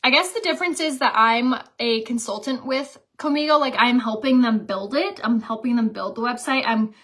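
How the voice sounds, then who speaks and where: A woman's voice: a little high, normal speed, a bit bright. A young woman talking casually through a makeup tutorial, chatty and full of fillers. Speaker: makeup vlogger and beauty consultant. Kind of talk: casual makeup tutorial, reading viewer comments.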